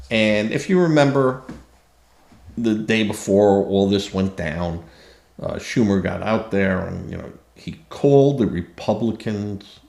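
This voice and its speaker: A man with a lowish voice delivers an unhurried opinion monologue, indignant and sarcastic, stumbling over fillers and restarts. He speaks slowly, and the recording carries a roomy echo. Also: vocal fry, a little mellow. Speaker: political commentary host.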